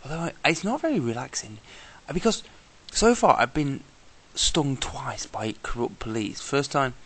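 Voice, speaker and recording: A man's voice: mid-range voice, very animated, moderate pace, a bit bright. A man talking casually in a travel vlog, exasperated and swearing, often imitating the people he met. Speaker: traveller vlogger.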